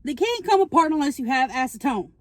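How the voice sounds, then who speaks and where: A young woman vlogger in her parked car, recapping a movie plot in an animated, chatty way while she eats, and she keeps checking in with "okay?". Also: sits high, fast talker, dry recording. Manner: talking while eating.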